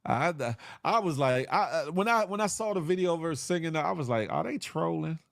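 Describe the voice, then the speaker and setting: A man's voice: on the high side, lively intonation, a little fast, dry recording, studio quality. A man hosting a live online show, chatting casually with viewers in a loose, joking way, full of slang and sound effects. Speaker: livestream show host.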